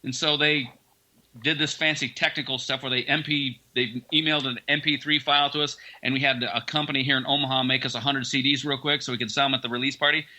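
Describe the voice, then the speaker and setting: Animated man telling a story, bright voice. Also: mid-range voice, fast talker. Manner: animated storyteller acting out quotes. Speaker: band member guest. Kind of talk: storytelling in an interview.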